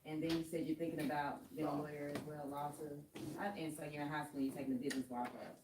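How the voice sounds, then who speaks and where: A woman's voice: low-pitched, level tone, fast, background noise. A woman on a workshop panel, encouraging a student in a rambling, supportive way. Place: workshop room. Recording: roomy hall from far off.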